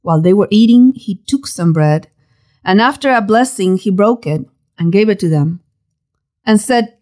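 A woman giving a devotional Bible teaching in a dramatic, expressive way, full of rhetorical questions. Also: medium pitch, moderate pace.

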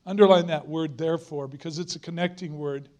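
Male guest preacher, middle-aged, fairly high voice, earnest emphatic sermon delivery with repeated lines. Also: steady tone, brisk, dark tone.

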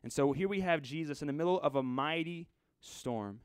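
A man preaching a sermon in a conversational way, swinging from loud, urgent lines to hushed ones. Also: on the high side, normal speed, smooth, no echo, studio quality.

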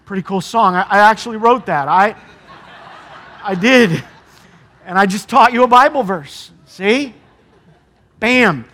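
A middle-aged male pastor delivers a sermon in a high voice. His tone is bright and forward, and he talks in an easy conversational way, often turning to the congregation with rhetorical questions. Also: expressive, unhurried, pauses often.

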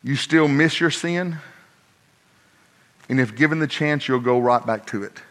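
A man preaching a sermon, telling a personal story, moving between hushed asides and loud, emphatic points. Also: medium pitch, measured pace. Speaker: pastor.

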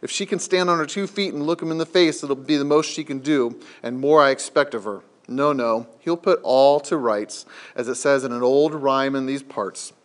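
A man's voice: mid-range voice, normal speed, few pauses, close to an everyday voice. A man voicing a talkative, gloomy male beaver while reading a storybook aloud. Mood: eager.

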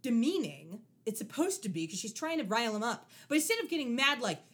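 Wry, animated woman recapping a show. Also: a little high, brisk, breathy edge. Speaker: podcast co-host. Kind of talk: casual chat recapping a TV episode.

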